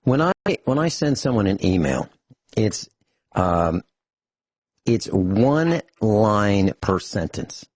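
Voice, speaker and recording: A middle-aged man chats on a talk radio show, his voice slightly husky and close to a dry studio mic. He rambles through stories with many restarts and slips in dry jokes. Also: fairly low pitch, very animated, takes it slowly, a little mellow, no echo. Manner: rambling storyteller, frequent restarts, dry humor. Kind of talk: casual radio chat.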